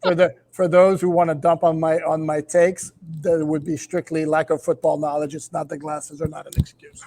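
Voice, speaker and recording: A man appears as a guest sports reporter on a radio show, with a slightly high voice. He chats casually and tosses off quick, dry-witted asides. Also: flat delivery, dark tone, no echo.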